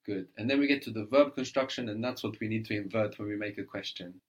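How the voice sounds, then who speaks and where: A language teacher gives a one-on-one lesson, talking fast in a fairly low-pitched voice. He's patient and prompting, frequently checking understanding with a questioning "no?".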